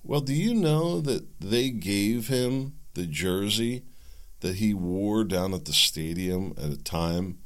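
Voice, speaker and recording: A man hosting a podcast, giving a political commentary monologue in an animated way, worked up and sarcastic, jittery from coffee. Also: on the low side, takes it slowly. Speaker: podcast host.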